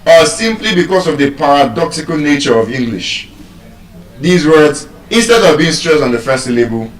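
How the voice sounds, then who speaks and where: A man giving a pronunciation lesson, speaking slowly and deliberately, pausing and repeating words for emphasis. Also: fairly high pitch, animated. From Nigeria. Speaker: teacher giving a pronunciation lecture. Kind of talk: classroom lecture, explaining and spelling out words. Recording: roomy echo, voice from a distance.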